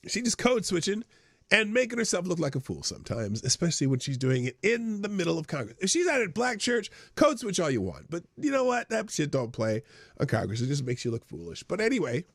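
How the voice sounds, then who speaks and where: A man's voice: on the high side, huge pitch swings, a little fast, dry recording, studio quality. A man hosting a live stream, giving casual, sarcastic political commentary and thinking aloud.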